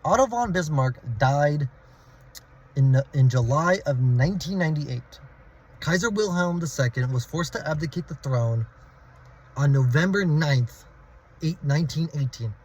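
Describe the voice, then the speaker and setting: A man's voice: fairly high pitch, animated, a little slow, husky, rough recording. A man hosting a history channel, telling the story in a casual, informal way, often restarting and correcting himself and relishing the dramatic moments.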